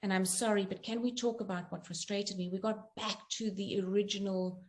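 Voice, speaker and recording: A middle-aged woman, a guest author and coach, talking in a gentle, earnest, reflective way and explaining through personal examples. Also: mid-range voice, steady tone, a little fast. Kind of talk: reflective interview talk.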